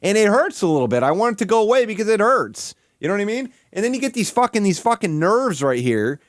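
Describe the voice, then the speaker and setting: A man from Michigan chatting casually on a live stream, goofy and crude, rambling with giggles and sudden high yelps. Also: sing-song, fast talker, no echo, studio quality.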